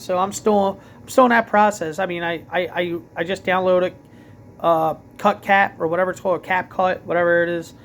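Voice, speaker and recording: A man with a thick Philadelphia accent rambles through a casual late-night vlog rant. His voice sits high for a man, and he strings thoughts together with constant fillers and self-corrections. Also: steady tone, brisk, slight background noise. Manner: rambling, heavy with "like" fillers and restarts. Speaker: vlogger and DJ.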